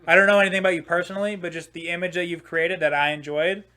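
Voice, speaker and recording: A man's voice: high voice, racing. Profane, rambling young man telling stories. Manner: rambling, profane, many filler "like"s; animated, laughing at his own jokes. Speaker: podcast host. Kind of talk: casual comedic storytelling.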